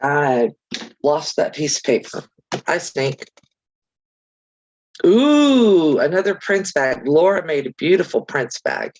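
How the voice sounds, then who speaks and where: A woman's voice: deep voice, sing-song, takes it slowly, pauses often, a little mellow, dull audio. A woman hosting a casual crafting livestream, chatting easily with viewers and reading out their comments, with chirpy, self-deprecating asides.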